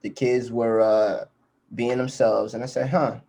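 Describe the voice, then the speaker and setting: A young man chatting on a podcast. His pitch sits in a middle range. He tells stories in a loose, rambling way, with lots of "um" and "you know.". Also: flat delivery, unhurried, vocal fry, mellow. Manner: loose, rambling storytelling with fillers. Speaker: podcast co-host. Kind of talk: casual storytelling chat.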